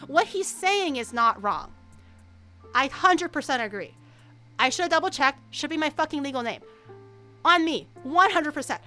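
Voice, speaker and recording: A woman's voice: sits high, sharp tone. A woman streamer telling a story in casual chat, rambling and stammering, with some swearing.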